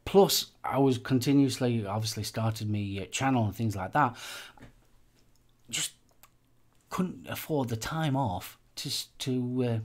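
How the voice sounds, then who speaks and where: A man's voice: mid-range voice, a little slow. A man from England, hosting a live stream in a chatty, rambling way with lots of fillers. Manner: chatty, rambling, with many fillers and repeated phrases. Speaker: host of a live vaping channel show. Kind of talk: casual live-stream chat.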